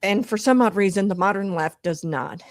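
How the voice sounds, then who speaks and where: A young woman hosting political commentary, a little out of breath from late pregnancy, riffing in an animated way with plenty of fillers. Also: medium pitch, normal speed, no room sound, studio quality. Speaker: host.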